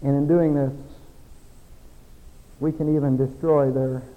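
A middle-aged male pastor preaching a sermon, folksy, swinging between soft, confiding passages and emphatic exhortation. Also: mid-range voice, flat delivery, a little slow, narrow, tinny audio. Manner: folksy, self-deprecating asides. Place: church sanctuary. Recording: long church reverb.

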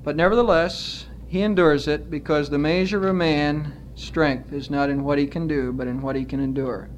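A man preaching a sermon as pastor, earnest and emphatic, stretching out his words with pauses. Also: on the high side, fairly even intonation, a little hiss or hum.

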